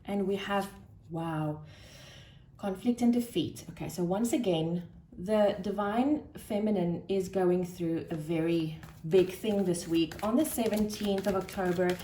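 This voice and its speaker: A woman giving a spiritual tarot card reading, soft-spoken and thinking aloud with gentle pauses. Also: medium pitch. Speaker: tarot reader. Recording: roomy echo with faint noise.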